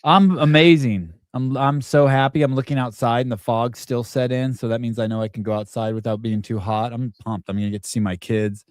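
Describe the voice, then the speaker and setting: A man's voice: medium pitch, fairly even intonation, fairly quick, few pauses, no room sound, studio quality. A middle-aged man hosting a casual morning talk show, rambling and restarting his sentences as he talks with callers. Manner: rambling, restarts often, shouts quoted yells. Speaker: podcast host.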